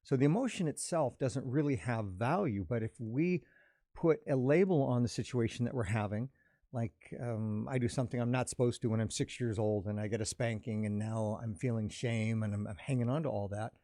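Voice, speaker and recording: A man in an earnest, reflective conversation about emotions, explaining his view calmly. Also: mid-range voice, fairly quick, no room sound, studio quality. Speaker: podcast host.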